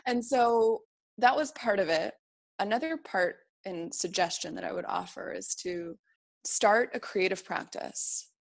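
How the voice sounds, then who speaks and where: A woman's voice: medium pitch, lively intonation, measured pace, creaky. A woman being interviewed, talking earnestly and encouragingly about feelings and beliefs, often voicing inner thoughts as quotes. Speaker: interview guest. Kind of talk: reflective interview talk.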